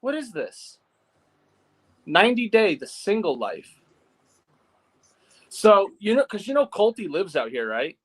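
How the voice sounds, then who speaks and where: A man's voice: sits high, huge pitch swings, unhurried, pauses often. A man co-hosting a wrestling watch-along, chatting casually and rambling, with "like" in nearly every phrase. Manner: rambling, fills with "like" constantly. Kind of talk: casual chat.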